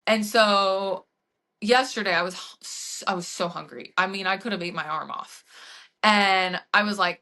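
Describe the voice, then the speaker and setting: A woman's voice: medium pitch, moderate pace. A woman fitness coach hosting a podcast, telling stories in casual chat with lots of "like" and acted-out quotes. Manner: animated storytelling with frequent "like" and acted-out quotes.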